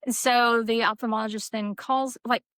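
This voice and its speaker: A woman, a nurse practitioner co-hosting a podcast, telling a story with animated acted-out quotes. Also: normal speed, smooth, no room sound. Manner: animated, acts out quotes with big pitch jumps. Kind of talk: casual storytelling chat.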